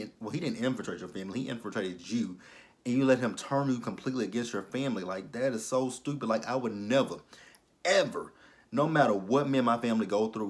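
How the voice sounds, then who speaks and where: A man recapping a TV episode in a blunt, exasperated, rambling way, full of fillers. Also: mid-range voice. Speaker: TV episode reviewer. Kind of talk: casual recap vlog.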